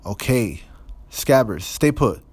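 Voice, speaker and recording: A man's voice: fairly low pitch, animated, a little slow, darkish tone, slightly rough, no echo, pitched above the performer's own voice, exaggerated voice. A man voicing an anxious teenage boy who sounds frantic and fretful. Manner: frantic, hissing.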